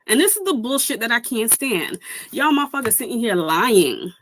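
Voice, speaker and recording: A woman's voice: on the high side, sing-song, moderate pace, no echo. A young woman streamer giving heated commentary, indignant and swearing, mimicking people she quotes.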